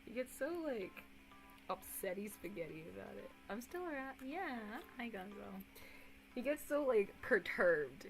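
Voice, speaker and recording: A young woman in her twenties streaming casual chat, rambling and animated, swearing casually and breaking into excited impressions of others. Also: mid-range voice, measured pace, gravelly, faint music behind, rough recording.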